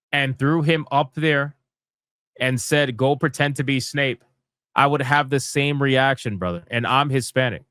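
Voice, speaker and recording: Brief: young male streamer, higher voice, dry sound, swearing and fuming through a live rant. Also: fairly bright tone, dry recording. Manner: heated, profane, exasperated ranting. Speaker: gaming commentary host. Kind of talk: live ranting commentary.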